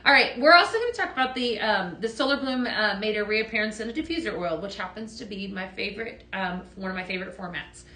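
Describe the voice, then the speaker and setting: A woman's voice: medium pitch, fast, few pauses, sharp tone. A woman hosting a live shopping stream, chatty and upbeat, greeting viewers by name as she demonstrates products. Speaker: host of a live shopping show. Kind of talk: live product demo selling chat. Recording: echoey room.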